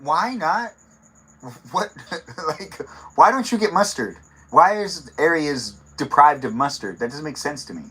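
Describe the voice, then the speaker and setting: A man's voice: a little high, expressive, a little slow, sharp tone, breathy edge, poor audio. A man hosting a casual live stream, playful and curious, asking his guests lots of follow-up questions. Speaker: livestream host.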